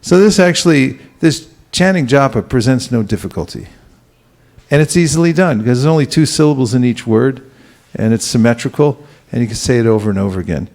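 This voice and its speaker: A man giving a relaxed, conversational spiritual talk, asking the audience questions and chuckling now and then. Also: mid-range voice, brisk. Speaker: spiritual teacher giving a class. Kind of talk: conversational sermon.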